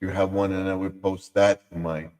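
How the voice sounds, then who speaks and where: Low-voiced man rambling on a live stream. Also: flat delivery, moderate pace, darkish tone, in a large hall. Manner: rambling, trying out silly voices. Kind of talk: casual live stream chat.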